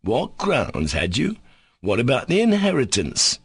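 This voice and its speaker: A man voicing a sickly, insolent male servant who speaks slowly and sarcastically with controlled defiance. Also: on the low side, expressive, breathy edge, dry recording. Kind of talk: audiobook character reading.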